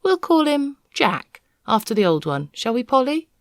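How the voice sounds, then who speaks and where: Lady reading as a friendly easygoing cabbie, lively and pleasant, dry close sound. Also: a little high, normal speed, no room sound, voice pushed up. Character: kindly cheerful London cab driver, man.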